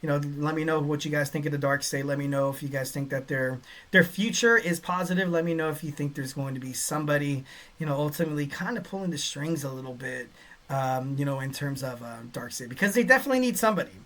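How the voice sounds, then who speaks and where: Male podcast host, fairly high voice, bright and forceful, casual, rambling, excitable. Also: fast talker. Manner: rambling, filler-heavy, excitable. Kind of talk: casual solo wrestling podcast.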